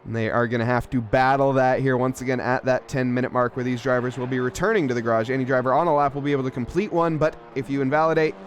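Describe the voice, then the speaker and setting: A man's voice: mid-range voice, fairly even intonation, fast talker, hardly any pauses, dull audio, slight background noise. A man giving live play-by-play for a sim racing stream, joking and bantering with chat between race updates.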